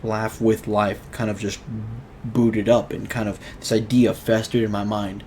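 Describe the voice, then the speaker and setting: A man's voice: on the low side, little pitch movement, unhurried, darkish tone, a little hiss or hum. A young man hosting his own show, telling a personal story in a rambling, earnest way full of fillers. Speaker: show host. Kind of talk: casual storytelling vlog.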